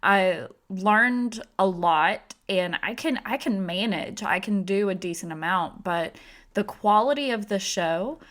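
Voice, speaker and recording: A woman's voice: medium pitch, measured pace, fairly bright tone. A woman, hosting a casual podcast chat in a chatty, playful way and laughing easily. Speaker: podcast host.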